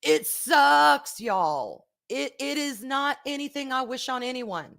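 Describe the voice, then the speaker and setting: A woman's voice: high-pitched, sing-song, moderate pace, few pauses, a bit bright. A middle-aged woman, hosting a casual livestream and reading viewer comments, talking frankly and emotionally and swearing freely. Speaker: livestream host.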